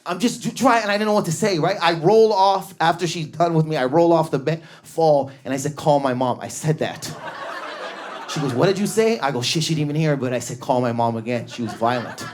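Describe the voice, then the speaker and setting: A man in his thirties doing an animated stand-up comedy set on a club stage, telling stories with bursts of energy and acted-out voices. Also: a little fast, slight background noise. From Canada. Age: 30s. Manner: high-energy, animated storytelling with sudden volume swings and acted-out voices.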